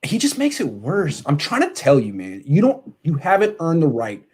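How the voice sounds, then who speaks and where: A man's voice: a little high, wildly swooping pitch, normal speed, darkish tone, breathy edge. A man hosting a casual sports talk show, ranting animatedly and reading out viewer comments.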